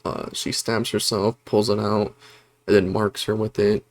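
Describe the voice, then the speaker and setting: Gravelly low-voiced man rambling through a review. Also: flat delivery, unhurried. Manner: rambling, filler-heavy plot retelling; self-correcting, apologetic about disorganization. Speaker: horror movie reviewer. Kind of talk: casual spoken film review.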